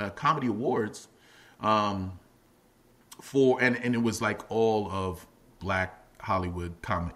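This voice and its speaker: A middle-aged man and comedian, a guest on a podcast, telling stories in a loose, chatty way and breaking into laughs as he goes. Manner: animated, acts out quotes in a much higher voice, laughs often. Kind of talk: casual podcast interview storytelling.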